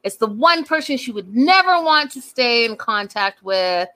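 A woman's voice: on the high side, expressive, bright, forceful tone. Sassy, chatty woman dishing gossip. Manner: chatty, sassy, fast, slangy asides. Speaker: reality TV recap vlogger. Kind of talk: casual gossipy recap.

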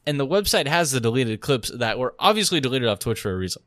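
A man's voice: medium pitch, sing-song, fast talker, a bit bright, dry recording, clean studio sound. A man who streams, chatting casually and telling a rambling story with laughs. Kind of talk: casual chat.

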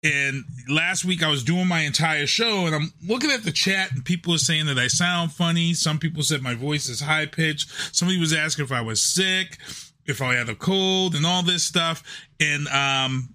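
A man's voice: fairly high pitch, moderate pace, sharp tone. A man hosting his live podcast in a home studio on a desk microphone, chatty and loose, often repeating himself. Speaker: podcast host. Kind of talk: casual live show talk. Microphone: desk USB microphone.

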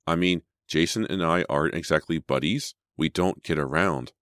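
An accusing teenage girl with a hard, insistent edge, put on by a man with a very deep voice. Her lines come in a raised, pressing pitch in a dry storybook reading. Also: normal speed, a bit bright, dry recording. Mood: shaken.

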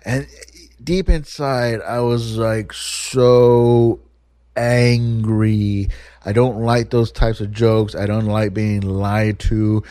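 A man's voice: fairly low pitch, dark tone, no room sound, studio quality. A man hosting a solo podcast, talking in a rambling, candid way and swearing freely. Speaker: podcast host. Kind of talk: casual solo podcast monologue.

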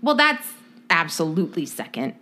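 A woman from California co-hosting a podcast in casual chat, rambling and giggly as she thinks out loud. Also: on the low side, sing-song, moderate pace. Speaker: podcast co-host.

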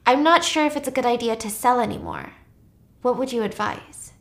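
Brief: woman doing a reclusive, prickly woman, high and hesitant, in a casual retelling. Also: wildly swooping pitch, fairly quick, a bit bright, full character voice. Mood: uneasy.

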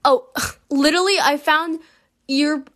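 A woman's voice: sits high, fairly even intonation, unhurried, fairly bright tone. A young woman casually rambling through a vlog, incredulous and laughing often, with lots of fillers. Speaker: vlogger. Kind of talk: casual unscripted commentary.

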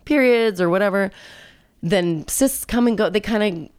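A woman's voice: mid-range voice, moderate pace, a little mellow, smooth, dry recording, studio quality. A middle-aged woman co-hosting a podcast in casual chat, talking in an emotional, chatty way with frequent restarts. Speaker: podcast co-host.

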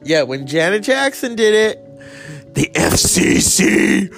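A man's voice: high-pitched, big pitch swings, slow pace, vocal fry, fairly bright tone, soft background music. A man hosting his own show, ranting crudely and rambling in casual comedy style.

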